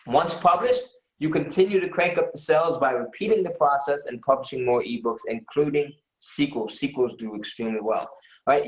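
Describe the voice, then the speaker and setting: A man hosting a live webinar sales pitch. He talks with enthusiasm and keeps checking in with a quick "right?". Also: roomy sound, poor audio. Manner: enthusiastic, repeats "right?" often. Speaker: webinar host.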